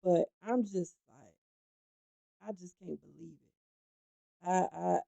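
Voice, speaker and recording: Gravelly-voiced woman host, emphatic chat. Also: lowish voice, fairly even intonation, slow pace, dark tone, dry recording, dull audio. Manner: emphatic, chatty, addresses viewers directly. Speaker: talk show host. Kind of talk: animated gossip commentary.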